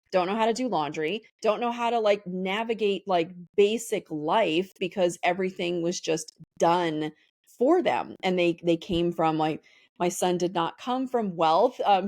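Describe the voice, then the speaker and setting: A woman's voice: medium pitch, a little mellow, dry recording, studio quality. A woman in her forties hosting a podcast, talking enthusiastically and affirming her guest. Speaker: podcast host. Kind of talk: conversational interview.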